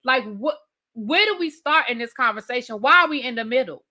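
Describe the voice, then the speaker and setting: Incredulous, bright-voiced woman ranting. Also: on the high side, expressive. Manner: blunt, incredulous, rapid-fire rhetorical questions. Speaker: TV review host. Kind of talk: casual rant review.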